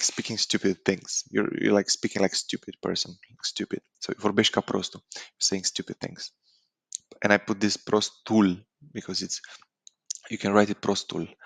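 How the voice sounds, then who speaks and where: A man with a Romanian accent teaches a lesson in an easygoing, halting way, stopping for ums and rephrasing as he goes. His voice sits low and has a gravelly edge. The recording is dry and close. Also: dry recording. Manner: relaxed, hesitant, many fillers and restarts. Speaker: language teacher. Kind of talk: casual spoken lesson.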